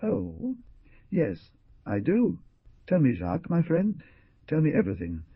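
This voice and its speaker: A man's voice: a little high, wildly swooping pitch, a little slow, slightly rough, no echo, pitched above the performer's own voice, heavily acted. A man voicing a grief-stricken husband who speaks in broken, pleading phrases. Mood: distraught. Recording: dull lo-fi dry recording.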